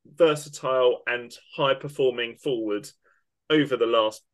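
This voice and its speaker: A man with a mid-range, unhurried voice co-hosts a football podcast. He's ranting with emphatic indignation, delivering an opinionated take on the game.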